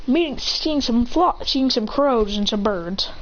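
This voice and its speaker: A woman telling an improvised fan story with excitement, acting out voices and sound effects. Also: a little high, measured pace. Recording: dull lo-fi with faint noise.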